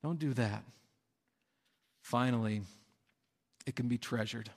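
Speaking slowly at a medium pitch, a male pastor preaches in an easygoing, conversational way. Fillers pepper his talk, and he acts out quotes from the people in his anecdotes. The sound carries a long hall reverb.

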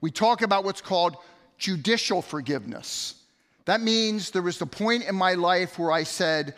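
With a high-sitting, fairly bright, expressive voice and a measured pace, this middle-aged pastor delivers a conversational sermon full of stories and repeated words. It's recorded in a church sanctuary with long hall reverb.

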